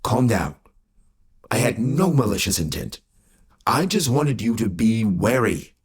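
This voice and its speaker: A man reading an audiobook, voicing a calm, grave male immortal who speaks in a measured, cautioning way with a husky tone. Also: fairly low pitch, heavily acted. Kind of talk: audiobook character voice.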